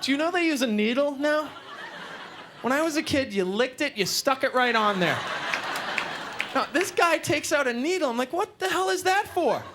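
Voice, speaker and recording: A man with a fairly high voice performs stand-up live, switching between animated storytelling and deadpan asides. He is on a club stage, and his handheld mic picks up a laughing crowd and steady background noise. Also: normal speed. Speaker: stand-up comedian. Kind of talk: stand-up comedy set.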